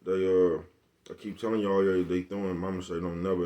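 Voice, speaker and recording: A man's voice: low voice, flat delivery, quick pace, dark tone, lo-fi sound. A man with a Bay Area accent talking casually to camera in a slangy, rambling monologue and laughing often. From San Francisco Bay Area. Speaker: vlogger.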